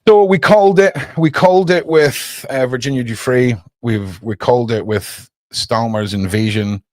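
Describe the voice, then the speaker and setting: A Scottish man ranting on his live stream, profane and heated, his voice climbing high and loud in bursts. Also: unhurried, no room sound, clean studio sound. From Scotland.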